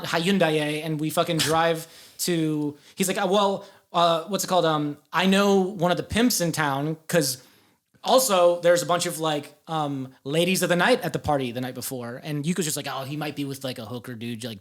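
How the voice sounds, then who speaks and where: Young male podcast guest, rambling storyteller, a bit high-pitched, loose and profane. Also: moderate pace. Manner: rambling, filler-heavy, swears. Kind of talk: casual storytelling.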